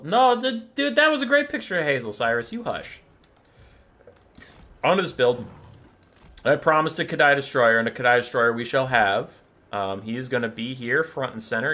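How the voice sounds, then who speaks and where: A man's voice: medium pitch, bright, forceful tone. A young man who says he feels sick, chatting casually with viewers while he sets up a strategy game, rambling and cooing over pet photos. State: sick, stuffy. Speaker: streamer. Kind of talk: casual gameplay chat with viewers.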